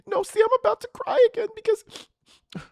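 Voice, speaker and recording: A man voicing a mocking weepy woman in a squeaky, whimpering falsetto who is always about to cry. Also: steady tone, fairly quick, creaky, fairly bright tone, no room sound, clean studio sound, heavily acted.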